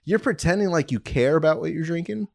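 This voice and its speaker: A man's voice: on the high side, quick pace, creaky, a little mellow, no echo. A man in his twenties co-hosting a podcast, joking around and laughing often in casual chat. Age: 20s. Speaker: podcast co-host.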